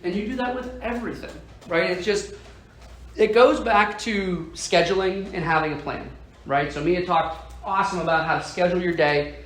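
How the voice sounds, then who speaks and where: Speaking to insurance agents in a sales training session, this man has a high, somewhat bright voice and a moderate pace. His emphatic motivational delivery is full of "right?" directed at the audience. He sounds distant in an echoey room.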